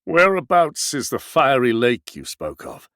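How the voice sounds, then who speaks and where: A grim man bent on execution, speaking in an awful, choked voice, as a male reader plays him. The voice is gravelly and swings widely in pitch. The sound is dry and close. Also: huge pitch swings, unhurried, fairly bright tone, no room sound, exaggerated voice.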